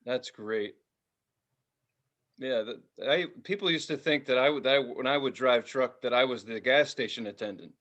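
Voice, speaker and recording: A man co-hosting a casual podcast, telling a lively story and swearing freely. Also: mid-range voice, normal speed, lo-fi sound. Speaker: podcast co-host. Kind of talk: casual chat.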